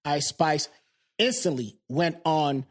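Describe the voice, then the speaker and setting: Aave podcast cohost guy, kinda high voice, jumps in w quick agreements. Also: husky. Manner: chimes in with quick short agreements and retellings. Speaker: podcast co-host. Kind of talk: casual podcast chat.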